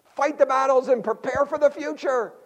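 Older pastor, high-pitched man, playful sermon style with quick jokes and hushed asides. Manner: lively, jokey preaching with sudden drops to quiet asides.

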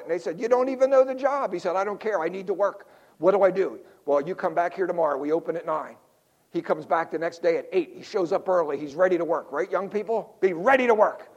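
A male pastor from South Philadelphia, preaching a sermon with jokes and stories and throwing quick asides to the congregation. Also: high voice. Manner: animated storyteller, quick asides to the crowd.

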